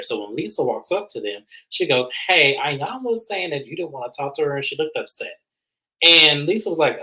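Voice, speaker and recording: A man co-hosting a casual reality TV recap, acting out quotes in an animated way. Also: poor audio. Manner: animated, acts out quotes with raised pitch. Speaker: recap show co-host. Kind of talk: casual review chat.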